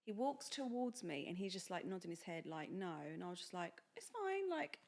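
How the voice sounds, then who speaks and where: A woman's voice: mid-range voice, normal speed, vocal fry. A young woman, chatting on a podcast as co-host and telling a personal story, acting out the voices of the people in it. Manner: chatty, animated, acts out quoted dialogue. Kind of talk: casual chat, personal storytelling.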